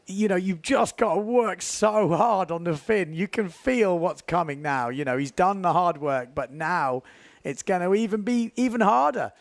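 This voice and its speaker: A man giving live, chatty commentary on a windsurf race, building excitement at key moments. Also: high-pitched, normal speed, no room sound.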